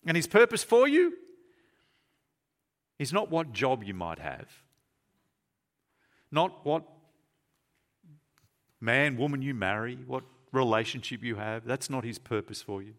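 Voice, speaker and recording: A man preaching a sermon in a church, emphatic, repeating key phrases and slowing down to stress them. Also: medium pitch, lively intonation, fairly bright tone.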